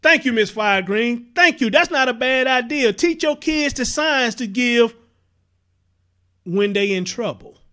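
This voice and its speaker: A man's voice: very high-pitched, expressive, measured pace, pushed and bright. A man hosting a live-stream commentary show, talking passionately and profanely and repeating himself as he reacts to viewer comments.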